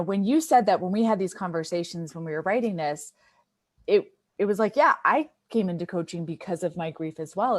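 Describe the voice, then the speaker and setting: Woman host, somewhat low voice, upbeat and curious, dry close sound. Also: no room sound. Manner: enthusiastic, upbeat, asks guests questions. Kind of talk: casual video-call discussion.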